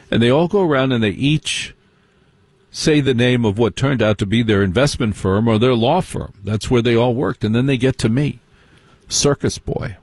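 Husky-voiced man telling a wry story. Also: mid-range voice, animated, a little mellow, dry recording. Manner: wry, mocking, slips into quick impressions of others. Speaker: comedian telling a personal story. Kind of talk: stand-up storytelling.

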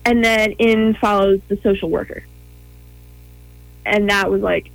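A woman's voice: mid-range voice, fairly even intonation, measured pace, no echo, rough recording. A young woman telling her own story as an interview guest, earnest, with many ums and quoted thoughts.

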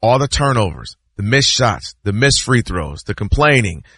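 A man debating basketball on a sports show, emphatic and lively, acting out players and fans as he argues. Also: on the low side, breathy edge, no room sound. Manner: emphatic, acts out players and fans in quick voices.

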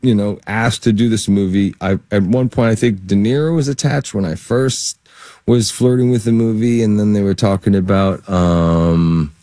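A man guest-starring in an interview, telling lively anecdotes and laughing through them. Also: fairly low pitch, moderate pace, dry recording, studio quality. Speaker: guest actor. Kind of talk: casual interview storytelling.

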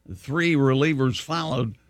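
Dry-voiced joking radio sports reader. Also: male voice, mid-range voice, measured pace, dry recording. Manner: joking, plays out scenes in a mock pep-talk. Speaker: sports and news reader on a morning radio show. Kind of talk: casual radio banter, reading news items.

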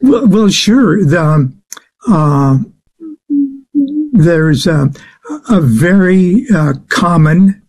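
A man answering interview questions as a guest, speaking haltingly with many filler sounds. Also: a little high, animated, darkish tone. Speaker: guest expert on the occult.

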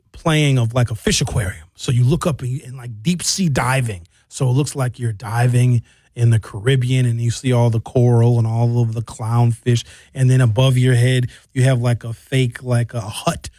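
A man hosting a radio talk show and podcast, outspoken and animated, telling stories and giving blunt opinions. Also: mid-range voice, dry recording, clean studio sound.

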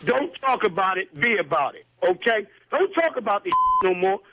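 A man's voice: high voice, big pitch swings, normal speed, pushed and bright, no room sound. A man on the phone, speaking in streetwise slang, swearing and repeating himself over and over. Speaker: prank call target. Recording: muffled phone line.

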